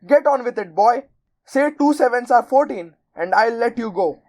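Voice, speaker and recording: A woman's voice: fairly high pitch, lively intonation, a little slow, darkish tone. A woman reading a storybook aloud, voicing a cruel, sarcastic giant headmistress who snaps and bellows at the children. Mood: bellowing. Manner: snapping, bellowing.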